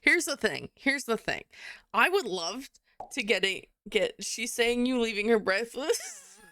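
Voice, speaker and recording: A young adult woman chatting casually with her live-stream viewers, giggly and animated, swearing now and then. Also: a little high, a little slow, dry recording.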